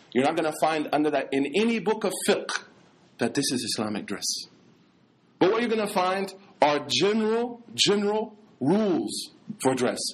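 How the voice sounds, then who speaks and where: A fairly high-pitched American man lecturing as an imam, his voice rising and falling with great animation. He mixes casual street slang with scholarly religious terms and keeps the delivery lively. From United States.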